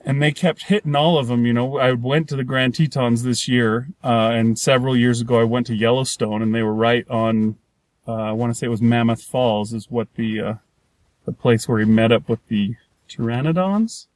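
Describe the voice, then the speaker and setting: A podcast co-host chats casually about a film, rambling, restarting his sentences, and often acting out the characters' lines. His mid-range voice has fairly even intonation and a normal speed, with no echo.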